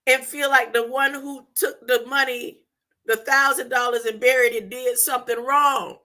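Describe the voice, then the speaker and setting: A woman's voice: high voice, sharp tone. A woman hosting a podcast, teaching scripture informally in a conversational way and retelling the story in her own words. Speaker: podcast host.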